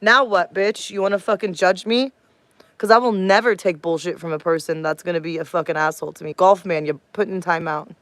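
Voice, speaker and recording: A woman's voice: fairly low pitch, fairly even intonation, brisk, no room sound. A woman in her thirties talking bluntly to her live stream chat, combative and swearing heavily. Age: 30s.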